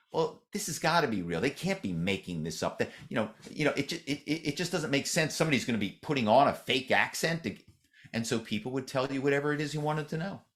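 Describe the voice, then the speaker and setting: A middle-aged man as a podcast guest, talking loosely with lots of fillers and restarts. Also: mid-range voice. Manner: rambling, many "you know" fillers and restarts. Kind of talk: conversational interview.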